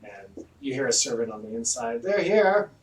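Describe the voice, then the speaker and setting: Casual male game master narrating at mid pitch; roomy, distant sound. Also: brisk. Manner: relaxed, casual narration with fillers. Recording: echoey room, distant mic, faint noise.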